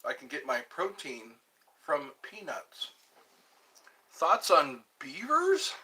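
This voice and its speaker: A man hosting a casual livestream, chatting slowly and rambling while greeting viewers and answering comments as he eats. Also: fairly high pitch, wildly swooping pitch, pushed and bright. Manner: slow, rambling, chatty, restarts words, eating while talking. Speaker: livestream host. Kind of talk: casual live chat reading comments.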